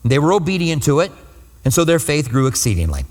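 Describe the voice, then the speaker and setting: A man's voice: fairly high pitch, sing-song, fast, a little mellow. A man preaching a verse-by-verse Bible teaching sermon as pastor, earnest and explanatory, repeating phrases for emphasis. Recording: long reverb of a hall.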